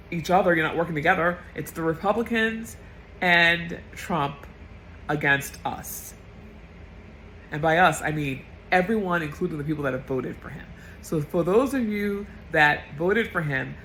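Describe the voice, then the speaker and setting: A woman's voice: deep voice, fairly bright tone, slight background noise, rough recording. A woman getting over a cold delivers an impassioned political rant as a vlogger, blunt, profane and emotional.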